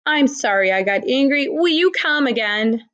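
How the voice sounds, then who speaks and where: A woman's voice: high voice, animated, moderate pace, a bit bright, dull audio. A woman reading aloud and voicing a worried, indignant young mother with an emphatic, exclaiming manner. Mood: apologetic.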